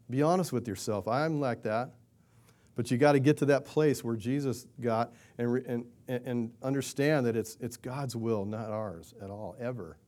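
A pastor speaks at normal speed while preaching in a conversational way. He asks rhetorical questions and gives voice to quoted prayers, getting louder and higher as he acts them out.

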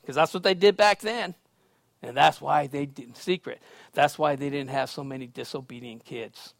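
A man preaching a sermon, swinging from loud, emphatic lines to quiet, conversational asides and casual storytelling. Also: sits high, dry recording, studio quality. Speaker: pastor.

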